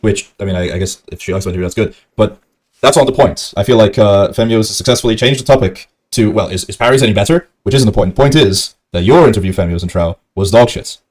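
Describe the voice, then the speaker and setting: A man's voice: lowish voice, fast talker, darkish tone. A man streaming commentary on a debate clip, rambling with lots of ums and chuckling at his own jokes. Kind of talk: casual commentary.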